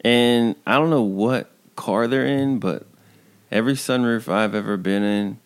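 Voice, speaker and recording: A man's voice: mid-range voice, unhurried, clear, resonant tone. A man co-hosting a casual chat, sarcastic and incredulous as he picks apart a TV episode. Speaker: podcast co-host.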